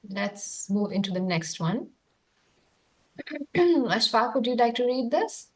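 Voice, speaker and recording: A woman's voice: fairly high pitch, big pitch swings, takes it slowly, breathy edge. A woman leading a training session who explains points, checks that people follow, and calls on trainees by name. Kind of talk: teaching and guiding discussion.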